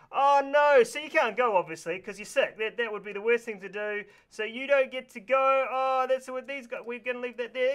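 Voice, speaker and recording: New Zealand-accented male host for a kids' lesson, excitable and exaggerated, smooth and high. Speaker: kids show presenter. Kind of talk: energetic live kids lesson. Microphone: live stream mic.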